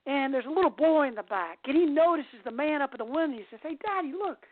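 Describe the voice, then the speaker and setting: A woman's voice: high-pitched, fast talker, dry recording. A woman host telling a long story in a chatty, casual way. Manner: chatty, with restarts. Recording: tinny phone-like dry line.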